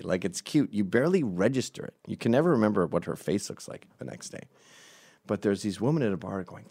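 A man's voice: lowish voice, animated, fairly quick, darkish tone. A middle-aged man from Scotland telling a crude, rambling comic story at home at night.

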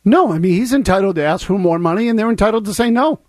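A man's voice: high voice, expressive, fast talker, darkish tone, no echo. A man co-hosting a sports talk show who keeps challenging the other side's points. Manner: skeptical, challenging. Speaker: sports radio co-host. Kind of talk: sports talk radio debate.

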